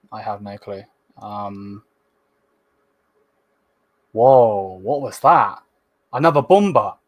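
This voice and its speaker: A man hosting a fan livestream, reading chat comments in a casual, slangy way and bursting into loud, sweary excitement. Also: lowish voice, dry recording. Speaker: fan channel host.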